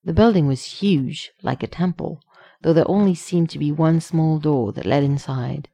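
A woman reading a story aloud as narrator, expressive and close to the microphone. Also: deep voice, moderate pace, vocal fry, husky, no echo. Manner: expressive, reads punctuation aloud. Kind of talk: audiobook reading of fan fiction.

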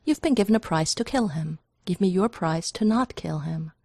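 Woman doing a calm, fatherly man. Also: lowish voice, moderate pace, no room sound, studio quality. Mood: firm. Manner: relaxed, firm and sensible. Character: steady, sensible man, almost paternal.

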